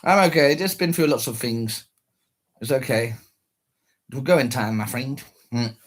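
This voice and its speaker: A man rambles to his own camera, mocking himself and drifting between giggles and quiet mutters. His voice is husky and his pitch jumps around a lot as he talks. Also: animated, normal speed. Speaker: vlogger. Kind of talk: rambling solo chat to camera.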